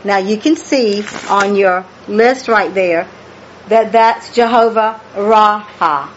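A woman's voice: medium pitch, slow, muffled recording, slight background noise. A woman leading a Bible study, reading scripture aloud, explaining it and repeating key phrases for emphasis.

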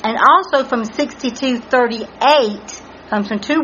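Unhurried and a bit bright, a woman with a higher voice teaches a Bible study, spelling out Hebrew words one letter at a time with earnest care. The recording is muffled and lo-fi, with faint ambience and slight background noise.

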